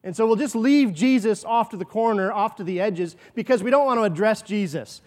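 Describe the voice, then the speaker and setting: A man with a high voice preaches a sermon to his congregation. He speaks earnestly, poses rhetorical questions and acts out quoted asides. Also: fairly quick, few pauses, darkish tone. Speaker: pastor.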